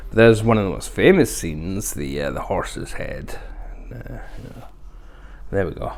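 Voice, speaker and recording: A man's voice: low voice, animated, a little slow, creaky. A man hosting a casual unboxing review, chatty and rambling with lots of fillers. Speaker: video host.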